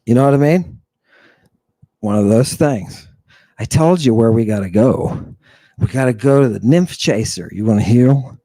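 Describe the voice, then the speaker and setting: Hosting a talk show, a male podcaster mocks his way through a theatrical lecture on ancient texts, full of asides and rhetorical questions. He speaks in a dark, mid-range voice at a moderate pace with long pauses, and there is no echo.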